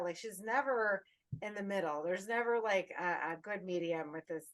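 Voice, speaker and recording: Animated, swearing podcast woman. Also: mid-range voice, moderate pace. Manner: animated, swears freely, rambling. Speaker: podcast co-host. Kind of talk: casual chat.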